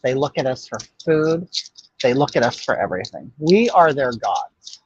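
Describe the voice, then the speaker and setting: Answering viewers on a relaxed livestream, an older male host gets sassy, blunt and gossipy. His mid-range voice is very animated at a normal pace, and the dull, muffled, dry audio carries a little hiss or hum.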